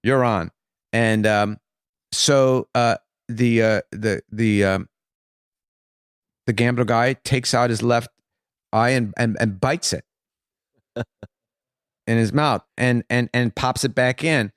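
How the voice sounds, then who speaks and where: A man telling a long joke in casual conversation, halting with many fillers and restarts. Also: mid-range voice, fairly even intonation, clear, resonant tone, no room sound, studio quality.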